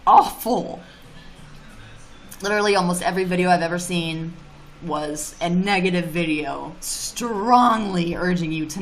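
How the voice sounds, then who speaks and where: Woman venting on a livestream, low-ish voice, cusses a lot, faint hiss behind her. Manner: blunt, swears freely, animated ranting. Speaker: YouTuber streaming live. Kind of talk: casual livestream chat reading comments.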